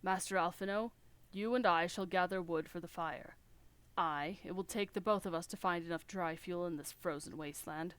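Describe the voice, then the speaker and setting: A woman's voice: on the low side, moderate pace, clear, resonant tone, dry recording, lightly acted. A woman voicing a formal, earnest young male noble scholar in old-fashioned phrasing, reading game dialogue aloud.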